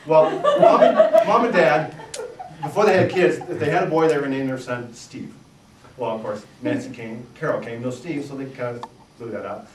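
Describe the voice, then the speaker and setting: A middle-aged man giving a humorous talk before an audience, spinning animated, self-mocking stories. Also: medium pitch, moderate pace, reverberant, recorded from a distance, noisy background. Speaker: speaker. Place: live event room with audience.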